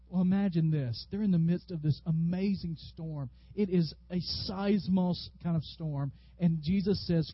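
A man with a high voice preaches a sermon. He tells stories with lively energy and bursts out loudly when acting out what people said. The recording is dry and slightly dull. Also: dry recording. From Tennessee, USA. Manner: animated, storytelling preacher who acts out quotes loudly. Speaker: pastor.

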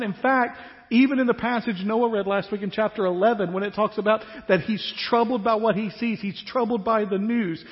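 A male pastor preaching a sermon, animated, acting out the disciples' questions in quick bursts. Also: high-pitched. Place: church sanctuary. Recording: dull sound with long church reverb.

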